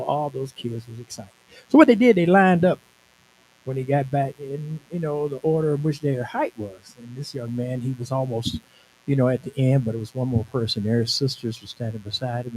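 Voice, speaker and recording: A man's voice: mid-range voice, darkish tone, slight background noise, low-quality recording. Man in his sixties preaching a testimony. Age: 60s. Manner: conversational storytelling, emphatic. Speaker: minister. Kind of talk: personal testimony sermon. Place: conference venue.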